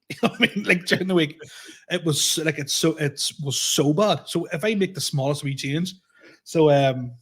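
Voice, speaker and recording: A man's voice: a little high, a bit bright, husky. Laughing man in his thirties ranting. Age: 30s. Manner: laughs often, repeats himself, swears freely. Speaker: comedian podcast co-host. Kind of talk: casual podcast rant.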